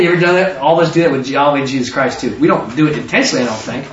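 A man preaching a lively sermon with call-and-response, acting out quotes in different voices. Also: medium pitch, rapid-fire, few pauses, crowd noise. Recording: echoey room, distant mic, dull sound.

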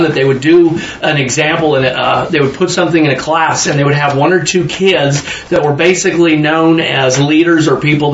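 Halting male preacher in an echoey room. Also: on the high side, fairly bright tone. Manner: halting, repeats words, slows down to read verses. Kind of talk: sermon with scripture reading. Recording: dull, echoey room with faint noise.

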